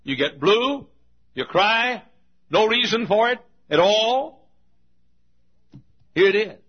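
A man preaching a sermon as pastor to his congregation, slow and emphatic, repeating key phrases and urging the listeners to pay attention. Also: high-pitched, expressive, slightly rough, dull audio. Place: large auditorium.

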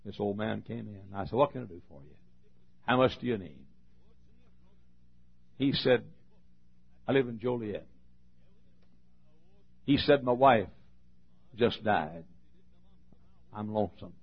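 A low, gravelly male preacher tells a story from the pulpit, his voice husky and worn. He swings from loud emphasis to hushed asides. The recording sounds dull and lo-fi. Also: unhurried, long pauses. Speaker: pastor. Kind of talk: storytelling sermon.

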